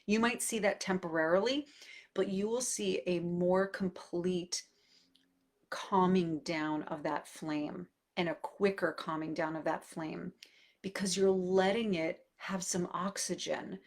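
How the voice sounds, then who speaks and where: A woman's voice: on the low side, unhurried. A middle-aged woman, a parenting coach, talking casually and thoughtfully, with fillers and restarts, as she answers a question. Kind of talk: casual advice talk answering viewer questions.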